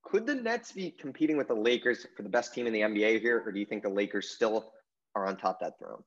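Fast-talking low-voiced male sports podcaster. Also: expressive, fairly bright tone, muffled recording. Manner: rambling, heavy on "I mean" and "you know" fillers. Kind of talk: casual sports talk.

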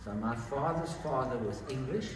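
An older South African man talks in a chatty, easygoing way. He sounds far from the mic, with heavy echo and steady noise behind him. His pitch sits in a middle range. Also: moderate pace. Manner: chatty, easygoing, repeats himself. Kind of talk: casual conversation with travelers. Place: hotel lobby. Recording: echoey and distant with noise.

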